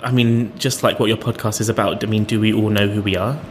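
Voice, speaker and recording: Young british guy, guest on a podcast, low voice, thinking out loud, faint rumble behind. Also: fairly even intonation, fast. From Britain. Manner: reflective, hesitant, laughs often. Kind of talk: casual interview conversation.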